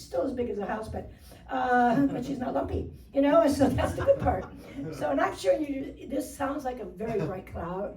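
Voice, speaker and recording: A woman's voice: high-pitched, a little mellow, reverberant, recorded from a distance. An older woman performing a rambling, self-deprecating stand-up routine on stage, often laughing at her own jokes. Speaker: stand-up comedian. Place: stage before a live audience.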